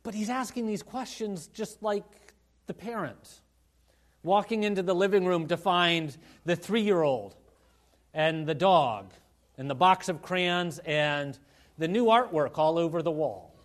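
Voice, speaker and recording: High-voiced man preaching a conversational sermon. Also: unhurried. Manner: conversational preaching with frequent asides. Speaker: pastor.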